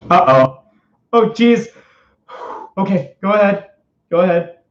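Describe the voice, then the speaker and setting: A man's voice: high voice, expressive, takes it slowly. Morty, a man doing a stammering jittery teen boy. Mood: nervous. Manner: stammering, repeating "oh geez" and "oh boy". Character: nervous stammering fifteen-year-old boy Morty. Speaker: livestream host. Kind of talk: live-stream character chat. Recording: echoey room, dull lo-fi sound.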